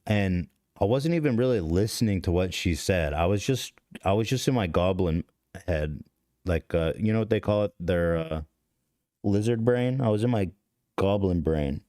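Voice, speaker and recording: Low-voiced guy on a podcast mic, rambling and swearing a lot, dry close sound. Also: animated, moderate pace, warm tone, dry recording. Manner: rambling, profane, self-deprecating, many restarts. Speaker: podcast host. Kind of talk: casual confessional podcast talk. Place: podcast studio.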